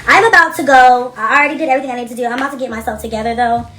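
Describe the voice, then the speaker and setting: A young adult woman hosting a casual livestream from her home office, reading comments and talking in a blunt, profane, animated way. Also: sits high, very fast, echoey room, slight background noise. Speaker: livestream host.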